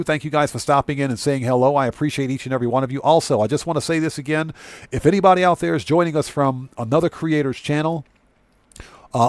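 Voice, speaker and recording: A man's voice: medium pitch, no echo. A man hosting a casual gaming live stream, chatting with viewers and thanking them at length. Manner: laughs easily while signing off.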